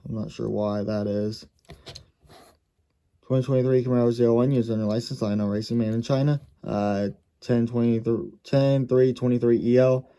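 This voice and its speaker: A man's voice: mid-range voice, steady tone, normal speed, dark tone, clean tone. A man casually reviewing a model race car, thinking aloud and correcting himself as he goes.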